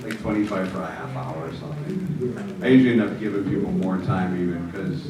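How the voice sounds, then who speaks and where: A man's voice: sits low, fairly quick, distant mic, crowd noise. Older guy chatting at a workshop, jokey, echoey room with an audience. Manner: chatty, joking storyteller. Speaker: ventriloquist workshop presenter. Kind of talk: workshop talk.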